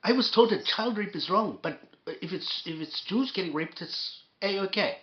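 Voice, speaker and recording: A man's voice: high-pitched, animated, moderate pace, reverberant, dull audio. A man putting on a sneering, singsong impression of a prim Scottish man, with a put-on Scottish accent. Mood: mocking.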